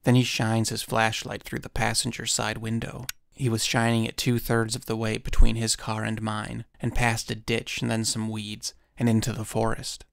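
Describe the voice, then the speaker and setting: A man narrating a first-person encounter story in a measured storytelling manner with dry asides. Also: fairly low pitch, completely flat delivery, vocal fry, smooth, no room sound.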